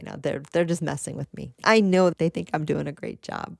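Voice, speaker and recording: A woman hosting a spiritual podcast, talking casually with lively asides and frequent laughs. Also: deep voice, fairly quick, gravelly, few pauses, dry recording, clean studio sound. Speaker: podcast host.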